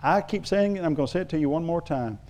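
A middle-aged man preaching a sermon, his voice sitting a little high for a man. He tells stories loosely, restarting phrases as he goes along. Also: animated, quick pace, mellow. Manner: rambling storytelling with restarts. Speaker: pastor.

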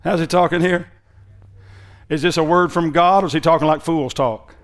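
High-voiced preacher, emphatic and sarcastic. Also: male voice, steady tone. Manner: conversational, rising to loud emphatic preaching; reads scripture in a slow, mocking sarcastic tone. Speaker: pastor. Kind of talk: sermon.

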